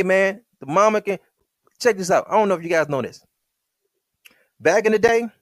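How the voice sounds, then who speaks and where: Male podcast host, fiery sermon-like delivery, slangy, slightly high voice, dry sound. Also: dry recording. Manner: fiery, addresses listeners as beloved, street slang. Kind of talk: preaching-style podcast talk.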